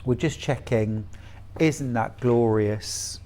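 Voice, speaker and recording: A man's voice: medium pitch, takes it slowly, warm tone. A middle-aged man from the UK presenting fabrics on a live shopping channel in a chatty, gushing, enthusiastic way.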